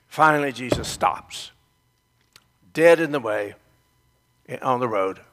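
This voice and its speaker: A man's voice: mid-range voice, unhurried, pauses often, a bit bright, long reverb tail. A man preaching a sermon who tells the story and speaks straight to his congregation. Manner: storytelling, addresses the congregation directly.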